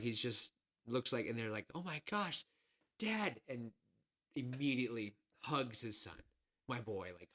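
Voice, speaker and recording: A man co-hosting a podcast, chatting casually and pitching a film idea, rambling with lots of fillers and self-corrections, a little nervous. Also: fairly bright tone. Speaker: podcast co-host.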